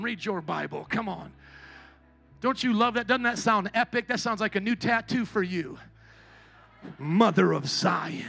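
A male pastor delivers a sermon at a church service. His voice sits high and rings bright, dropping into quiet storytelling and then rising to shouted calls to the congregation. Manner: preaching with big swings between quiet storytelling and shouting.

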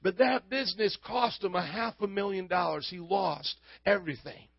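A man's voice: high-pitched, normal speed, creaky, husky, dry recording, highs cut off. A male pastor preaching a sermon, emphatic and calling out to the congregation for responses.

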